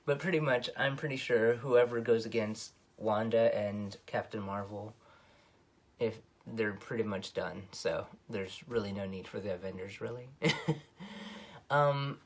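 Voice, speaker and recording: A man's voice: fairly low pitch, measured pace. A man giving a casual, rambling film review, full of ums and self-corrections, his voice jumping up on emphatic points. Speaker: movie reviewer.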